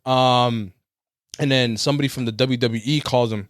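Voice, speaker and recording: This podcast co-host has a medium-pitched voice with fairly even intonation and a normal speaking speed. The studio-quality recording has no room sound as he tells a long story in casual conversation, acting out quotes and cursing freely.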